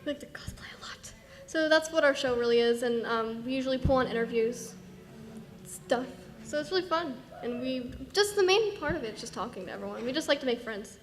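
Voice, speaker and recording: A woman's voice: fairly high pitch, expressive, fairly quick. Bubbly young woman in a big hall. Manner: bubbly, rambling, laughs often. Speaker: panel host. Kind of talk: live convention panel talk. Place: large convention hall. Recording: hall reverb.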